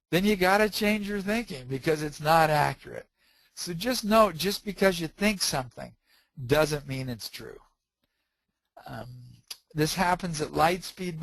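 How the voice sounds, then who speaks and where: A man who is an author and trainer, telling stories in a lively way and acting out the quoted dialogue. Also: a little high, dry recording, rough recording. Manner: animated storyteller, acts out quoted dialogue. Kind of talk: storytelling talk.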